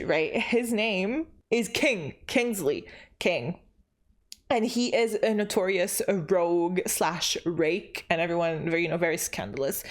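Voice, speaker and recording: A young woman giving a casual, rambling book recap vlog, laughing often and swearing playfully as she retells the plot. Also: mid-range voice. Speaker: booktuber.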